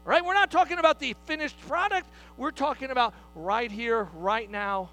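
A man preaching a sermon in an emphatic style, often repeating himself and dropping to a hush to stress a point. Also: extremely high pitch, moderate pace, hardly any pauses, a little hiss or hum. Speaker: pastor.

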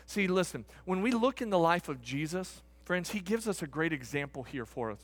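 A middle-aged man, a pastor, telling a story in a sermon, animated and swinging from shouts to hushed tones. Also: fairly high pitch, normal speed, few pauses.

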